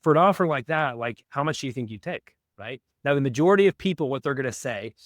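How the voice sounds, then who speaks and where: A man's voice: mid-range voice, fast talker, no room sound, studio quality. A man explaining cold-calling step by step in a podcast interview, upbeat and coaching, often checking in with "right?". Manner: energetic, instructive, frequent "right?" check-ins. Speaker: real estate wholesaling guest.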